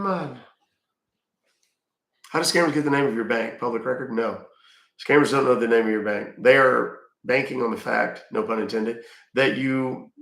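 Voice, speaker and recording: Middle-aged Texan livestream host, gravelly, blunt Q&A with dry humor, echoey room. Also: male voice, medium pitch, fairly bright tone. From Texas. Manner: reads viewer questions aloud and answers bluntly, dry jokes. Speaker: livestream host answering chat. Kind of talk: casual livestream chat.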